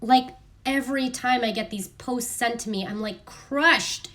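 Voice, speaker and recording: A woman hosting a casual live stream on her phone, talking in an animated, sarcastic way and mimicking other people's voices. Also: a little high, a little slow. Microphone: phone camera.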